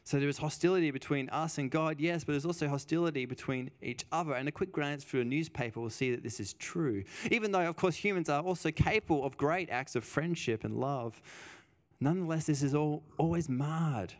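A man's voice: on the high side, a little fast. A man preaching a sermon in a conversational way, stressing points by repeating phrases and telling personal stories. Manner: emphatic, repeats phrases for weight.

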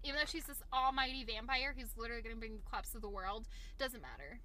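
Young woman co-host, high bright voice, animated and profane recap chatter. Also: fast. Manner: animated, swearing, laughing, acting out scenes. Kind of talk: casual recap chat.

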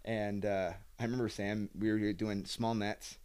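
A man's voice: lowish voice, little pitch movement, measured pace, darkish tone, clear, resonant tone. Young male host, loose storyteller, lots of "like" and "um". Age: young adult. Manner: rambling storyteller with many fillers and acted-out quotes. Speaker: podcast host. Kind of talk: casual chat.

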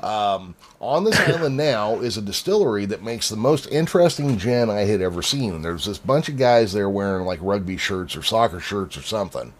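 A man hosting a podcast, telling anecdotes in casual chat, animated and swearing freely. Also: lowish voice, moderate pace, hardly any pauses. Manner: animated, swearing, laughs at his own story. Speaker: podcast host.

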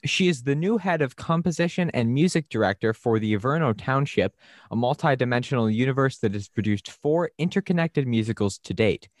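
A young podcast co-host chats in a relaxed, agreeable way and reads out a guest introduction. The voice sits in a middle pitch. The sound is close and dry. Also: brisk, no room sound. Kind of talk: casual podcast chat, read guest introduction.

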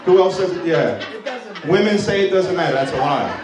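Crude stand-up comic, echoey club. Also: male voice, high voice, big pitch swings, a little fast, a crowd in the background. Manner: crude, laughing at own jokes. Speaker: stand-up comedian. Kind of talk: stand-up set with crowd work. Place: comedy club stage. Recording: echoey room, mic from distance.

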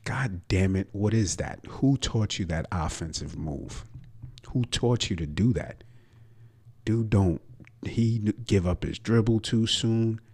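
This is a young man ranting on a sports podcast. His voice is very deep and husky, and he talks at an unhurried pace. He is brash and profane, mocking his own teams' players. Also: darkish tone.

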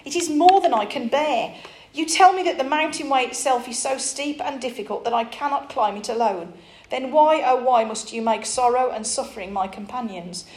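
A woman's voice: on the high side, animated, normal speed, a little mellow, lightly acted. A woman voicing a frightened, timid young pilgrim woman who pleads tearfully and breathlessly, in a roomy recording. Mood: pleading. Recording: roomy echo.

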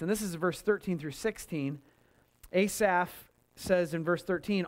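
A male pastor delivers a sermon in a lively, conversational way. He keeps calling out for amens from the congregation, and he acts out complaints in a higher, more strained voice. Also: measured pace.

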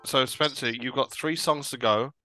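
A male podcast host with a bright, forceful tone talks in a chatty, easy way and laughs often. His voice is close and dry, with no room sound. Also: medium pitch, normal speed, dry recording, faint music behind. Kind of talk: casual podcast chat.

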